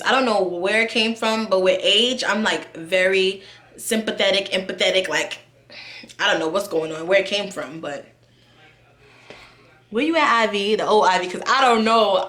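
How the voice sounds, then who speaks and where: Chatty New woman vlogger, bright tone, roomy echo; candid, talks straight to viewers. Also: medium pitch. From New York. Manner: chatty, candid, lots of fillers, addresses viewers directly. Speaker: YouTube vlogger. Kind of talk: casual chat to camera. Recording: echoey room.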